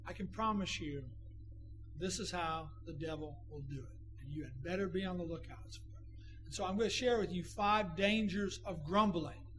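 A man preaching a sermon, impassioned, swinging between shouting and low murmuring. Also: normal speed, over music. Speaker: pastor.

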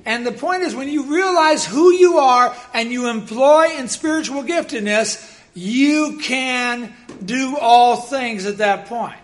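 Here a man gives a sermon as pastor, his personal stories told vividly and punctuated by booming acted quotes. His voice is very high and his delivery slow.

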